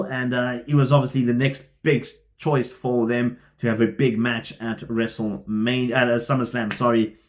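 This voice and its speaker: A man hosting a casual wrestling rumour vlog, talking in a chatty, lively way with frequent filler "uh"s. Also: medium pitch, slight background noise. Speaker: wrestling news host.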